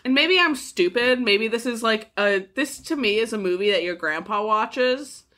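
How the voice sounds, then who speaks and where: A woman co-hosting a podcast with a bright, forceful voice. She chats frankly and loosely about a film, and fills her talk with "like" and "um.". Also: on the high side, lively intonation, moderate pace. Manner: chatty, frank, many fillers like "like" and "um". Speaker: podcast co-host. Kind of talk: casual podcast chat about a movie.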